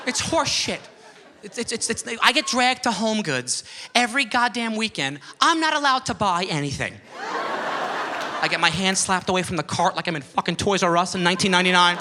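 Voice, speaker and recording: High, lively ranting male comic. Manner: profane, ranting, swings into loud outbursts. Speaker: stand-up comedian. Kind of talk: stand-up routine. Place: comedy club stage with a laughing audience. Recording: live club audio with crowd laughter and room noise.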